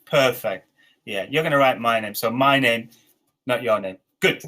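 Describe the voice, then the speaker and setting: A man in his forties with an English accent, leading an online teacher training session with slow, clear dictation and encouraging feedback. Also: mid-range voice, bright, forceful tone, low-quality recording. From England. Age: 40s.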